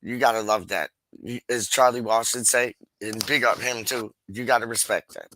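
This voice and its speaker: A man hosting a live stream, chatting casually and reading out viewer comments in a slangy, animated way, with frequent laughs and repeated catchphrases. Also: medium pitch, moderate pace, a little hiss or hum, poor audio.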